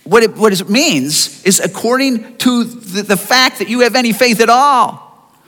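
A man preaching a sermon in an expressive way, asking his listeners rhetorical questions. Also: very high-pitched, a little slow, in a large hall. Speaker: pastor.

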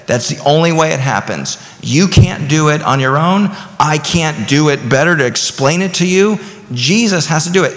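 A man's voice: fairly high pitch, fairly bright tone. A man in his thirties preaching a sermon as pastor, talking conversationally and rising to emphatic bursts. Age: 30s. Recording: long reverb of a large hall.

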